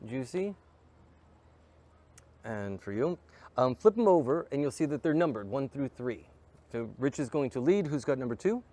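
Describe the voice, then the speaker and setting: A man who teaches scuba and magic, guesting on a staff talk and telling stories in a casual, animated way, tossing in "right?" and "you know" often. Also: medium pitch, normal speed, long pauses. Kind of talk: casual storytelling chat.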